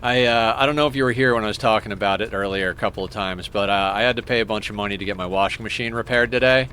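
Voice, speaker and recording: A man's voice: lowish voice, fast, sharp tone, slight background noise. A young man streaming a game, chatting casually, rambling and stammering as he thanks viewers. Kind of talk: casual live-stream chat while playing.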